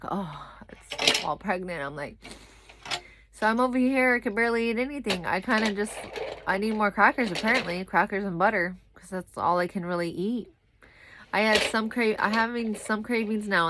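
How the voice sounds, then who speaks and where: A woman's voice: lowish voice, background noise. A young woman, talking casually to the camera in a rambling, tired way. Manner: rambling, chatty, breaks off to talk to her toddler. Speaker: vlogger.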